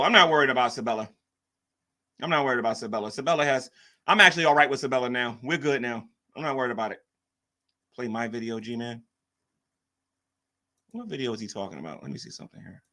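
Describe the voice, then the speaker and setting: A man hosts a casual livestream in a medium-pitched voice that sounds pushed and bright. He rambles and repeats himself as he reacts to the chat.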